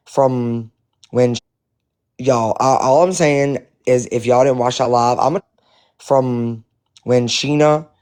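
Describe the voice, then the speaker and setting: A man giving casual commentary to his viewers, animated and profane, rambling with many restarts. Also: mid-range voice. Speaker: live-stream commentator.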